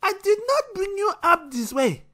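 A man putting on the voice of a stern mother who scolds and threatens her child, with a shrill, high voice. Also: big pitch swings, normal speed, a bit bright, full character voice. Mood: scolding.

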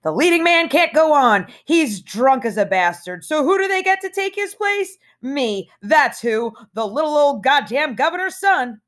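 A restless teenage schoolboy hams it up in a loud, theatrical voice, as a woman puts him on. His pitch shoots far up and bounces. It is a storybook reading. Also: very animated, normal speed, few pauses. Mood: clowning. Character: showing-off teen schoolboy, restless, clowning.

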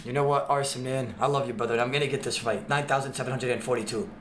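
A man livestreaming, joking with his chat in loud, swearing banter. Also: medium pitch, steady tone, fast, reverberant, slight background noise.

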